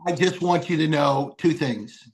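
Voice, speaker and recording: A man's voice: a little high, measured pace. An older man, a podcast guest, telling folksy, heartfelt stories and reciting poems. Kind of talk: storytelling interview.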